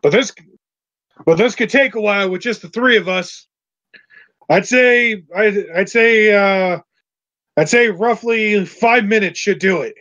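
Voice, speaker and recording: A man's voice: high-pitched, unhurried, long pauses, fairly bright tone, pitched above the performer's own voice. A man voicing a bossy male townsman who calls the heroes boy and kid. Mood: instructive. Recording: dull lo-fi recording.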